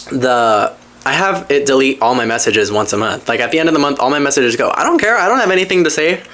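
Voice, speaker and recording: A podcast host telling a personal story in casual chat, candid and profane, rambling with asides and swinging between low mutters and excited highs. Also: a little hiss or hum.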